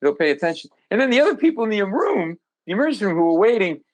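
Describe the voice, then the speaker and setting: A comedian guest on a podcast, a man telling a story with lively acted-out quotes and sudden jumps in pitch. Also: rapid-fire, low-quality recording. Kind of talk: animated storytelling. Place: podcast studio.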